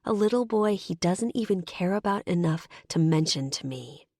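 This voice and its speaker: Female audiobook narrator, low and gravelly voice, dry close sound. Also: lively intonation, normal speed, a little mellow, dry recording. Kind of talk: first-person audiobook narration.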